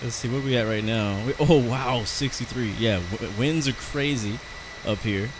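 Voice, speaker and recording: A man's voice: medium pitch, normal speed, noisy background. An American man chatting casually and rambling through live commentary on his flight sim stream, talking to his viewers.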